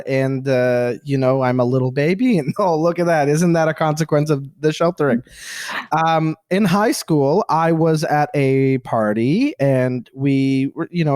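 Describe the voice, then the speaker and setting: A man from Quebec, a comedian guest on a podcast, chatting in an animated, self-deprecating way. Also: a little high, clear, resonant tone, dry recording, clean studio sound. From Quebec, Canada. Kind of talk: casual chat.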